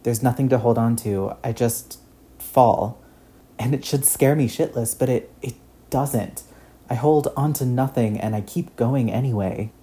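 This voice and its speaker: Guy voicing a shaken teen boy hero, halting and stammery, mellow tone, audiobook. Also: mid-range voice, natural voice. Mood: earnest.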